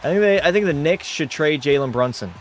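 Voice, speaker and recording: A man's voice: a little high, lively intonation, brisk, slight background noise. A man hosting a livestream watch party, giving casual commentary and joking, swearing, and bantering with his chat. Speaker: livestream host.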